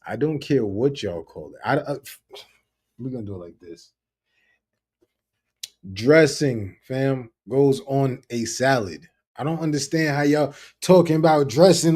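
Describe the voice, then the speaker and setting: A man's voice: on the high side, animated, unhurried, mellow. A man co-hosting a podcast in casual chat, emphatic and fond of repeating phrases. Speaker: podcast co-host.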